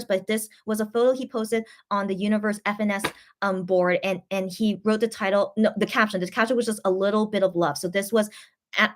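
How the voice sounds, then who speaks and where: A woman hosting a casual livestream, chatting in a rambling, gushing way and reading viewer comments aloud. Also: medium pitch. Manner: gushing and easily moved. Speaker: host.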